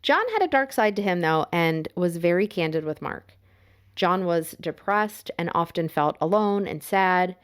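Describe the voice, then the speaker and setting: A woman's voice: on the low side, animated, moderate pace, clear, resonant tone. A woman co-hosting a podcast, narrating a true crime case in a casual, playful way. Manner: casual, playful storytelling with laughs. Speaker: podcast co-host.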